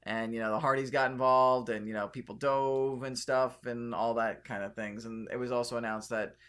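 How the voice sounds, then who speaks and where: A man co-hosting a podcast in casual chat, talking fast and acting out quotes in an animated way. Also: mid-range voice, clear, resonant tone. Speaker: podcast co-host.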